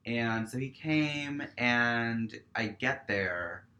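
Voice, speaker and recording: A man's voice: mid-range voice, drawn-out words. A man chatting as a guest, telling a story in a loose, profane way full of "like". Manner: profane, peppered with "like"; animated storyteller acting out dialogue. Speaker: guest, stage performer. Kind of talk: casual podcast chat, storytelling.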